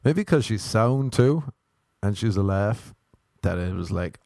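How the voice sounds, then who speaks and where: A man's voice: lowish voice, animated, measured pace, creaky, dark tone, no echo. A young Irish man hosting a podcast, telling rambling, self-mocking stories on his own. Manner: meandering, self-mocking storytelling. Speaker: podcast host. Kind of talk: rambling solo podcast monologue.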